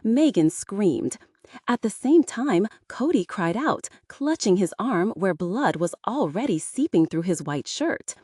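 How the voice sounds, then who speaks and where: A woman narrating an audiobook for English learners, clear and expressive. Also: medium pitch, unhurried, no echo, clean studio sound.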